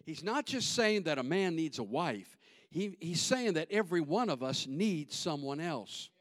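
A male pastor preaching a sermon, folksy and repetitive, swinging from shouted peaks to low joking asides. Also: sing-song, measured pace, no room sound, studio quality. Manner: folksy, repetitive, call-and-response.

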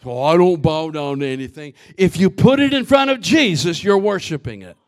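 A man preaching a sermon as pastor, swinging from shouted lines to hushed asides, often repeating and restarting his words. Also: fairly high pitch, sing-song, moderate pace.

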